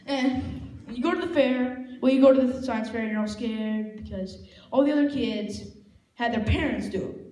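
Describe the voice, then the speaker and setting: On a comedy stage with a handheld mic, a man with an extremely high, darkish-toned voice performs stand-up at a moderate pace to a laughing audience. He rambles through self-deprecating stories, acting out the people in them, and the room is echoey with faint noise.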